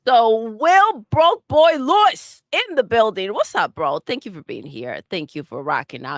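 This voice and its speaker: Giggly high-voiced woman co-host. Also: big pitch swings, moderate pace, hardly any pauses, fairly bright tone, no echo, clean studio sound. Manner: giggly, reads out super chats. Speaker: podcast co-host. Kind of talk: casual gaming chat.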